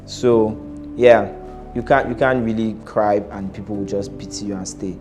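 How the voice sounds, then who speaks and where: A man's voice: fairly low pitch, steady tone, moderate pace, a little mellow, faint music behind. A man giving casual, blunt reaction-video commentary as an employer, laughing often and repeating himself.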